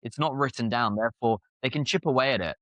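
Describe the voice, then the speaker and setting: A man's voice: mid-range voice, fast talker, a bit bright, no room sound. A British man speaking as a podcast guest, blunt and chatty with lots of filler words. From Britain. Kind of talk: casual conversational interview.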